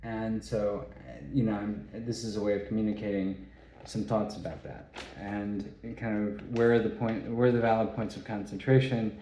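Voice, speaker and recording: A man giving a rambling solo talk, halting and restarting his phrases. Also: lowish voice, little pitch movement, dark tone, a little hiss or hum. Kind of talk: rambling spoken monologue. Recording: echoey room.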